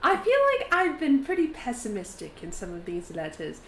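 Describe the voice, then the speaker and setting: A young woman chats casually as a player, rambling and swearing now and then. Her pitch moves about a lot, and the room is echoey with a faint hiss behind her. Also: very animated, normal speed. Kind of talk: casual tabletop game chat.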